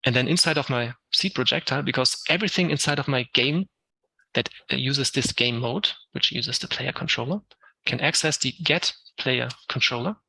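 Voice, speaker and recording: A man with a German accent gives a live software lesson, walking through each step with plenty of ums. His voice is bright and forceful with a gravelly, fry-tinged edge. The sound is dry and close. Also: medium pitch, moderate pace, no room sound, poor audio. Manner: explains step by step, many ums, answers questions. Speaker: Unreal Engine instructor. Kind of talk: live tech talk with Q&A.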